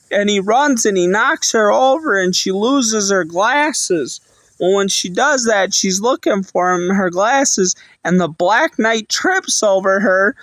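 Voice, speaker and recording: A man's voice: sits high, a bit bright, no echo, low-quality recording. A man casually retelling a cartoon episode scene by scene, chaining events with plain, rambling storytelling.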